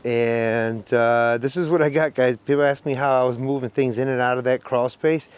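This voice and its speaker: Here a man of medium pitch speaks at a moderate pace with fairly even intonation, with slight background noise. He's a DIY vlogger in a cramped crawl space, bantering with viewers and breathing heavily as he narrates the casual how-to.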